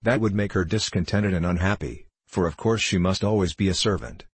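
A brisk, snappish housewife from a storybook, read by a man. The voice stays low and husky, with a dry, close sound. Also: steady tone, no room sound. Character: sharp-tongued housewife, magician's wife.

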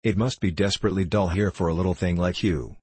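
A man's voice: low-pitched, quick pace, a little mellow, slightly rough, no echo. A man voicing a confident, teasing teenage boy in a free and easy tone, reading a storybook. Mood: breezy.

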